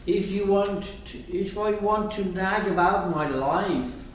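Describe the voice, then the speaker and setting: A man's voice: high-pitched, steady tone, slow pace, slight background noise. A man teaching, who explains a story to his listeners and keeps checking in with rhetorical questions. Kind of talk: lecture commentary. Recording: echoey room, mic far off.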